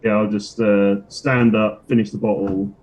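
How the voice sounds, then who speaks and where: A man playing in a tabletop game, talking in a gruff, crude, laid-back way. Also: lowish voice, little pitch movement, a little slow, a little mellow. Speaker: player. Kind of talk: casual tabletop game talk.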